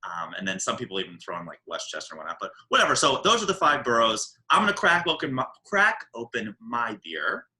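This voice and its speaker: A man with a New York accent hosting a podcast in casual, animated, joking chat. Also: mid-range voice, brisk, hardly any pauses, low-quality recording. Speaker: podcast host.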